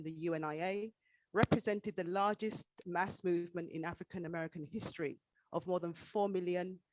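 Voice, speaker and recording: A man's voice: high voice, no room sound, low-quality recording. A man giving a formal ceremonial address at an online tribute event, speaking in a declamatory way and stressing key words.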